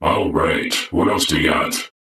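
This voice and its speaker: This is a male robot trainer with a booster pack, voiced by a man. He questions new recruits in a brisk, curious way, with a very low voice. He sounds distant and roomy, as if far from the mic. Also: pushed and bright. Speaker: non-player character. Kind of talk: voiced role in a tabletop game.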